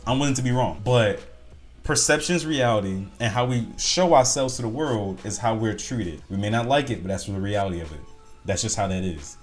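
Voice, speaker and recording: A man's voice: mid-range voice, sing-song, normal speed, soft background music. A man hosting a casual reaction video, talking bluntly and at length and swearing often.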